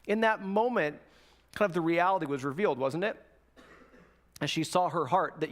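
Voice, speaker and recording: A man preaching a sermon, opening with a slow, soft prayer and then telling stories with lively quoted voices. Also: on the high side. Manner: animated storytelling with quoted voices. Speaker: guest preacher.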